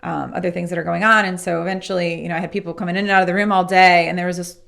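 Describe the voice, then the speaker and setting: A woman with a slightly low, gravelly voice talks very fast as a guest on a casual podcast interview. She recounts a personal story earnestly and reflectively, keeping a conversational, sincere tone, and voices remembered dialogue vividly.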